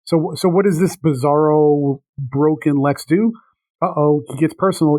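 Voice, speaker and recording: A man's voice: fairly high pitch, steady tone, normal speed, warm tone, no room sound, rough recording. A man co-hosting a podcast, chatting about comics with playful, jokey asides. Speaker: podcast co-host. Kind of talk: casual comic book review chat.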